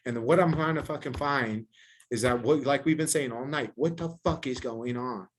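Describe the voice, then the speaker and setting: A man's voice: mid-range voice, moderate pace, a little hiss or hum. A podcast host, a man, ranting heatedly and preachily, swearing in nearly every sentence. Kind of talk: profane ranting podcast chat.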